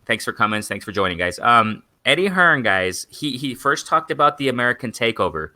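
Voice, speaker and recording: A man's voice: medium pitch, big pitch swings, fairly quick, bright, forceful tone, no echo, clean studio sound. A young man hosting a live boxing stream, rambling and repeating himself as he keeps calling out to his viewers as "guys.". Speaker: boxing channel host. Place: in Mexico.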